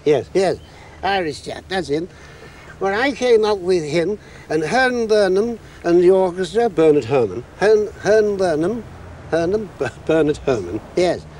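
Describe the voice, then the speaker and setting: An older former performer reminiscing in a rambling, jolly way, fumbling names. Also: male voice, sits high, lively intonation, a little slow, a little mellow. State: unsteady on his feet. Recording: outdoor, from far off, faint noise.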